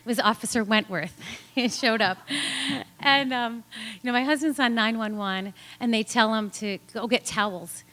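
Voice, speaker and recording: A woman telling a personal story on stage in an animated way, laughing often and acting out the voices of people she quotes. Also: a little high, normal speed. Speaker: storyteller at a live story slam.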